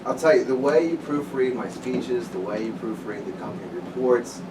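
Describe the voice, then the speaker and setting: A man's voice: mid-range voice, moderate pace, natural voice. A man playing an encouraging, persuasive boss in an improv scene, recorded from a distance in a noisy, echoey room. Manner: upbeat, persuasive.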